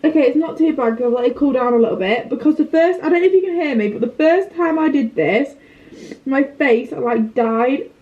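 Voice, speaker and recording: A woman's voice: sits high, expressive, fairly quick, lo-fi sound. A young woman vlogging at home, chatty and self-mocking, rambling through story times from her bedroom and kitchen. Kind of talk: casual chatty vlog.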